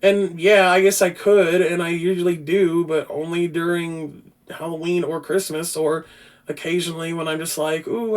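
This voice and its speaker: A man hosting a podcast, casually reviewing a film in a rambling, profane way with frequent restarts. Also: on the high side. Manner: grows loud and animated. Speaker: podcast host.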